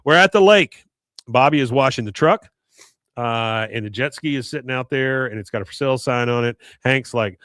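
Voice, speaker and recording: A man's voice: medium pitch, normal speed, a bit bright, clear, resonant tone, no room sound, studio quality. A man co-hosting a podcast, recapping an episode in casual chat with quoted lines and laughs. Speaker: podcast co-host.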